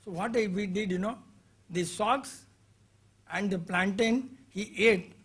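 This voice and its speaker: Older male seminar leader, high husky voice, clipped and offhand. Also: takes it slowly, a bit bright. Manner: loose, clipped phrases. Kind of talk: informal seminar talk.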